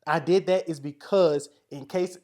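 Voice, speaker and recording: A man's voice: fairly high pitch, fairly even intonation, measured pace, a little mellow. A man in a casual podcast chat who talks earnestly about his views.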